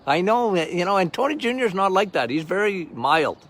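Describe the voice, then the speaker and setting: Older male doctor-host, loud and emphatic, slightly higher-pitched, off-the-cuff monologue. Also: big pitch swings, fairly quick. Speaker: health podcast host, doctor. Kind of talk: casual monologue.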